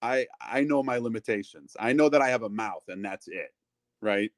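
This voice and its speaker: A man's voice: on the low side, normal speed, no room sound. Chatty middle-aged man telling stories. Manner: chatty, acts out quoted voices, lots of fillers. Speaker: wrestling ring announcer, guest. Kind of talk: casual storytelling interview.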